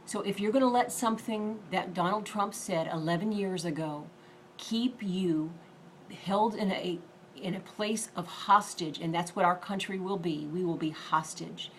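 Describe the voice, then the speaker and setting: Earnest woman minister, lowish voice. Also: a little hiss or hum. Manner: earnest and emphatic, reads scripture quickly. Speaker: deliverance minister. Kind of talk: sermon-style video message.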